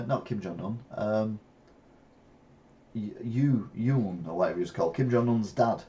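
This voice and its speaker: Here an older man from England hosts his channel, his voice fairly low and darkish. His casual news commentary wanders from story to story, peppered with wry remarks.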